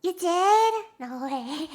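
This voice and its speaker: A young woman streamer chatting casually with her live audience, giggly and quick to react emotionally. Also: extremely high pitch, lively intonation, darkish tone. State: has a headache.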